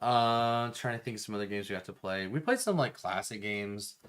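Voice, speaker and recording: A man co-hosting a casual board game stream, excitable and rambling, laughing often. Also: on the low side, brisk. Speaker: podcast co-host. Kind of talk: casual chat about board games.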